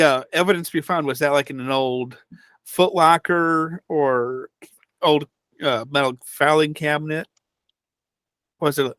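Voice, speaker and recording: Guy at a tabletop game thinking out loud, kinda higher voice, dry sound. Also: dry recording. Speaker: player. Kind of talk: casual tabletop game talk.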